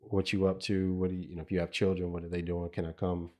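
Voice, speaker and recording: A man's voice: deep voice, completely flat delivery, fast talker, warm tone. A middle-aged man co-hosting a podcast, talking casually and reflectively, with frequent restarts and laughter. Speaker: podcast co-host.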